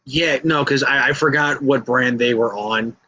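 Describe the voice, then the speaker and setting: A man co-hosting a casual fantasy-booking chat, halting and playful, acting out scenes as he talks. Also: medium pitch, sharp tone, no room sound, poor audio. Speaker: co-host.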